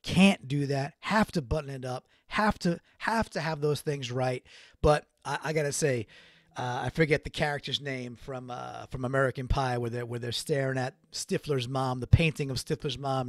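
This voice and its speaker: A man's voice: mid-range voice, no echo, studio quality. A man hosting a solo sports recap podcast, talking in a casual, rambling way with restarts. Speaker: podcast host.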